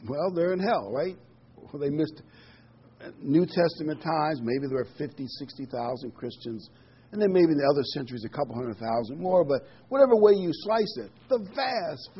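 A man's voice: mid-range voice, husky, muffled recording. A middle-aged man giving a casual sermon, reading scripture and musing aloud with frequent ums and restarts. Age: middle-aged or older. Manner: conversational, rambling, many ums and restarts. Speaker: preacher.

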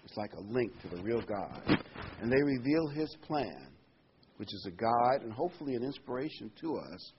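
A man's voice: mid-range voice, very animated, moderate pace. Male preacher, easygoing sermon delivery, repeats words for emphasis, muffled lo-fi recording with faint hiss. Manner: conversational preaching with fillers and emphatic repetition. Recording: dull lo-fi sound with faint noise.

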